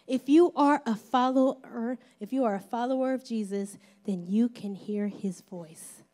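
Middle-aged woman pastor, high voice, lively playful sermon delivery, dips into whispers. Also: measured pace. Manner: drops to a whisper at times.

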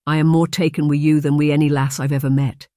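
A narrator voicing a proud, tender Highland man with a Scottish accent and old burred dialect. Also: little pitch movement, fast, mellow, dry recording, studio quality, lightly acted.

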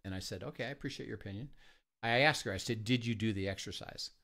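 A man who leads a ministry tells stories in a conversation, halting often with fillers and restarts and acting out the quoted dialogue. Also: on the low side, sharp tone. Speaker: ministry leader. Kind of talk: conversational storytelling.

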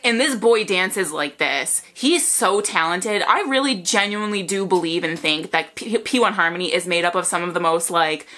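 A woman reacting to a music video, gushing, swearing and squealing with excitement as she comments. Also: on the low side, moderate pace, few pauses. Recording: loud music under voice. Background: music video playing.

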